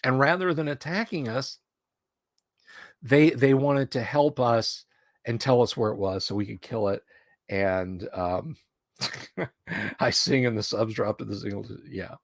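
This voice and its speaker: A man's voice: mid-range voice, a little slow, long pauses, dry recording. A middle-aged man streaming, chatting casually and telling rambling anecdotes close to his mic. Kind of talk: casual chat.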